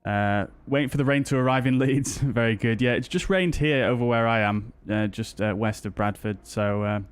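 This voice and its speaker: With soft music behind him, a British man streaming a flight simulator chats in a clear, resonant, mid-range voice at normal speed. He greets his viewers one after another, his casual talk full of ums and uhs.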